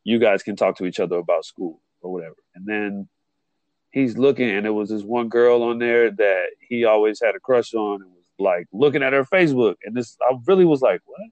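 A man's voice: fairly quick, no echo, muffled recording. A man telling a college story in casual chat, acting out the people he quotes. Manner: animated, acts out quotes with jumps in pitch.

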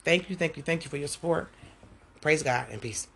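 Brief: woman, husky voice, relaxed home Bible-study podcast, lively and chatty delivery. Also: deep voice, a little fast, soft background music. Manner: animated, conversational, talks to listeners directly. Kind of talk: casual devotional teaching.

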